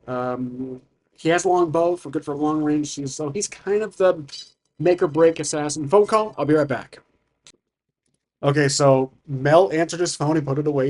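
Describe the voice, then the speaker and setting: Man, solo tabletop game player, casual rambling, lots of fillers, mid pitch. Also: a little mellow. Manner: rambling, many fillers and tangents.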